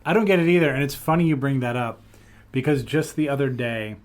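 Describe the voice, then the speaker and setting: Podcast host, male, animated storyteller, casual banter. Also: mid-range voice, brisk. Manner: animated storyteller, lively retellings. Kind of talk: casual chat.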